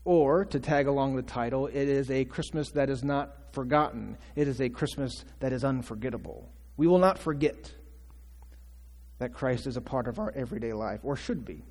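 Speaking at normal speed with medium pitch and a slightly mellow tone, a man preaches a conversational sermon. He asks his congregation questions and acts out quotes, all captured with the long reverb of a church sanctuary.

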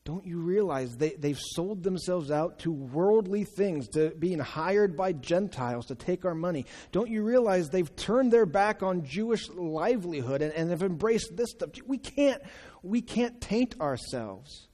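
A man's voice: high-pitched, expressive, a little slow, dark tone, pitched above the performer's own voice. A man voicing an indignant male Pharisee, speaking in an agitated, pleading, exclamatory way. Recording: long reverb of a large hall.

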